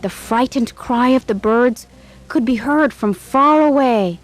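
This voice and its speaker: A woman narrating a bedtime story in a measured, expressive way. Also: fairly high pitch, faint music behind, low-quality recording.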